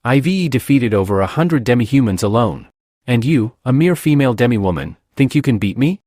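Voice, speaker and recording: A man's voice: mid-range voice, lively intonation, fairly quick, mellow, no echo, studio quality, close to an everyday voice. A man voicing a boastful, gluttonous young male bounty hunter with a smug, mocking manner.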